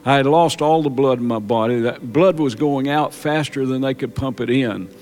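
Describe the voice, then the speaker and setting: A man preaching a sermon in church, halting and repeating words, then building to emphatic peaks. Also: medium pitch, darkish tone. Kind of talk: sermon testimony.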